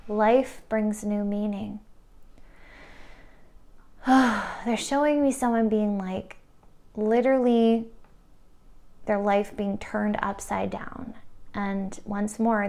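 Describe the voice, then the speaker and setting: A woman gives an intuitive tarot reading at an unhurried pace. Her voice has a gravelly, creaky edge, and her tone is soft and earnest, with frequent "like" fillers. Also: mid-range voice, fairly even intonation. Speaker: tarot reader. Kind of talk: intuitive pick-a-card reading.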